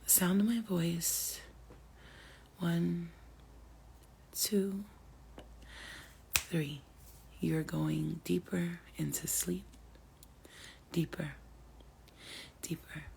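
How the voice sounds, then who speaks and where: A woman putting on a soothing hypnotist voice in a whispered role-play, counting slowly and hushed. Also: on the low side, steady tone, vocal fry, a little hiss or hum, exaggerated voice.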